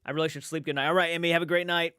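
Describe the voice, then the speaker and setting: A man's voice: on the high side, level tone, rapid-fire, pushed and bright, smooth, no room sound, studio quality. Sleepy young man chatting on a livestream. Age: young adult. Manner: sleepy, yawning, rambling with restarts. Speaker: livestream host reading chat. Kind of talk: casual late-night livestream chat.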